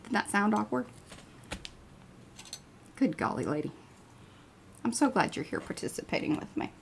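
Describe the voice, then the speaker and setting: A woman's voice: medium pitch, very animated, moderate pace, vocal fry, slight background noise. A woman hosting an art livestream in her home studio, chatting playfully and teasing herself. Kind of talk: casual livestream chat.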